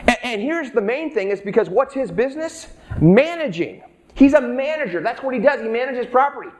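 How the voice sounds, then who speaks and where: A man's voice: very high-pitched, animated, a little fast, a little mellow. A middle-aged male pastor preaching a sermon in a conversational way, acting out the characters' lines.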